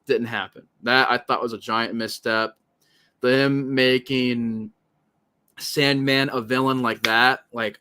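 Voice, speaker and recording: A man hosting a podcast in casual movie talk, animated and profane, often acting out lines he quotes. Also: mid-range voice, measured pace. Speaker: podcast host.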